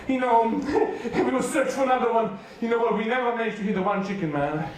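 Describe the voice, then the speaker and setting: High-voiced preacher in an echoey hall. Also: male voice, brisk. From United Kingdom. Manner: animated, acts out voices, laughs often. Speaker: youth preacher. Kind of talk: storytelling sermon. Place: large hall at a school rally. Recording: echoey hall, distant mic.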